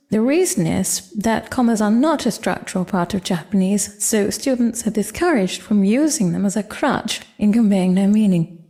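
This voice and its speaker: A woman teaching a language lesson, explaining step by step in a clear, measured way. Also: medium pitch, warm tone.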